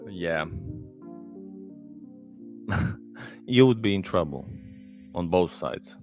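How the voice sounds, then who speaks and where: A man's voice: low voice, expressive, drawn-out words, a little mellow, soft background music. A man, casually chatting on a livestream, rambling with many fillers and restarts, close to the mic. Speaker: livestream host. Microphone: close desk mic.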